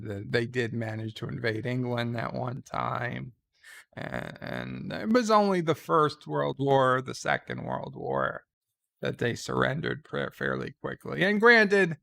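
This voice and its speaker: Slow, gravelly man. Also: medium pitch, fairly bright tone. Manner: rambling and wry, with restarts and asides. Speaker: livestream host. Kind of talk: casual livestream chat, reading viewer comments aloud.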